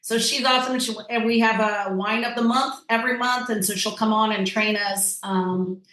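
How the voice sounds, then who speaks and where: A woman's voice: a little high, fairly even intonation, normal speed, a bit bright. A woman chatting casually as a podcast guest, rambling with lots of fillers. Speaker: guest, tasting-room wine server. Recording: echoey room.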